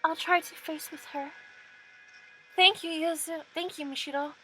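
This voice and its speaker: A woman's voice: very high-pitched, fairly even intonation, moderate pace, bright, forceful tone, soft background music, voice pushed up, rough recording. A woman voicing an earnest, resolute young girl heroine while reading a game aloud.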